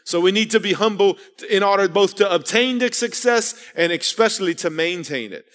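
A man's voice: high voice, expressive, moderate pace, a bit bright. A man preaching an earnest sermon as pastor, telling stories and calling out to the congregation. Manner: earnest preaching with storytelling and call-outs. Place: church sanctuary. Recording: long reverb of a church hall.

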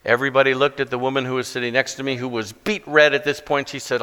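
A middle-aged man preaching a sermon with stories, self-deprecating and halting, with many restarts. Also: mid-range voice, level tone, bright, forceful tone, clean tone. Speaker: guest preacher. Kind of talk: sermon with storytelling. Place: church sanctuary. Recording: long church reverb.

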